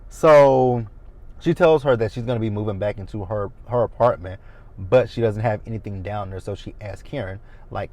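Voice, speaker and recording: A man's voice: fairly low pitch, normal speed, a little mellow. A man in his thirties recapping a TV episode in a casual, blunt and opinionated way. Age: 30s. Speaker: TV recap host.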